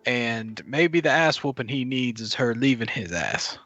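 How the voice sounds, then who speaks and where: Blunt, rambling man at mid pitch. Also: animated, a little slow, fairly bright tone, no echo, highs cut off. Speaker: podcast co-host playing a judge. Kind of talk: casual comic chat.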